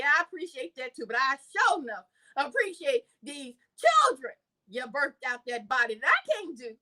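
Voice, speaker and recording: A woman's voice: high-pitched, moderate pace. A woman, hosting her channel in casual, chatty commentary and addressing her viewers directly. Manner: lively, chatty, addresses viewers as y'all, laughs. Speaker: channel host.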